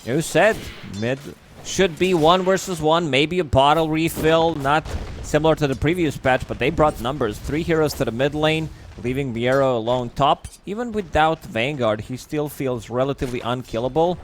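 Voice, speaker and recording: A man giving measured, analytical color commentary on an esports match. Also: a little high, slight background noise. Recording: music playing underneath.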